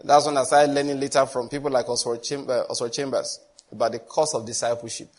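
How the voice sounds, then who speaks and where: A man's voice: mid-range voice, steady tone, fast. A middle-aged man, a pastor giving an earnest sermon-style testimony with chuckles and repeated phrases. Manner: storytelling, earnest, with chuckles and repetitions. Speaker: pastor teaching on prayer.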